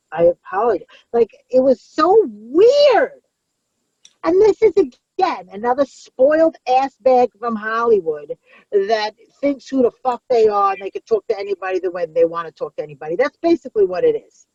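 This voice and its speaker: A high-pitched woman comedian of middle age tells her stories bluntly and with plenty of swearing, her voice swooping all over. The sound is dry and a little dull, like a lo-fi podcast mic. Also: moderate pace, creaky, breathy edge, no echo. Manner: blunt, profane, animated storyteller. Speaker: comedian guest. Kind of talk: storytelling in podcast chat.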